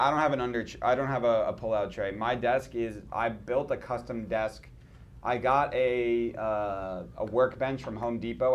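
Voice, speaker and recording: A man's voice: medium pitch, slight background noise. A man hosting a casual livestream, tired after little sleep and rambling with restarts. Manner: rambling, self-mocking, with many restarts. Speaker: stream host.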